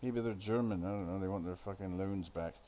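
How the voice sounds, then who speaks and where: A man's voice: deep voice, a little fast, warm tone. A man giving casual, rambling commentary on a film he is watching, sardonic and full of swearing. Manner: sardonic, crude, profane, off-the-cuff.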